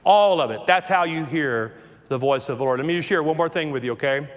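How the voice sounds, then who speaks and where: A man in his fifties with a Southern accent, preaching a sermon, dropping to a hush and then rising to forceful calls. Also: on the high side, brisk. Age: 50s. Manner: swings from hushed to forceful preaching. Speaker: pastor. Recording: hall reverb.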